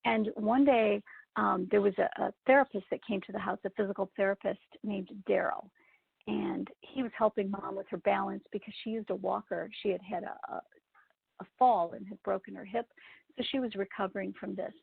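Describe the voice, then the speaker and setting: Gravelly woman on a tinny line. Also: mid-range voice, steady tone, fairly quick, no room sound. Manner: personal anecdote told with asides to listeners. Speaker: speaker for event professionals. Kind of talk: storytelling talk. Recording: tinny phone-like dry sound.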